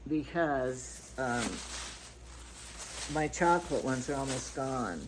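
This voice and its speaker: A woman's voice: very deep voice, slow pace, background noise. An older grandmother chatting casually through a shopping haul, rambling from item to item with stories and asides. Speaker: vlogger.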